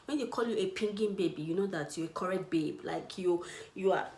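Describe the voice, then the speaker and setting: A young woman teaching Igbo words in a casual, playful way, laughing often and repeating words slowly. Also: fairly low pitch, darkish tone, echoey room. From Nigeria, Igbo. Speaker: language teacher. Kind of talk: casual language lesson.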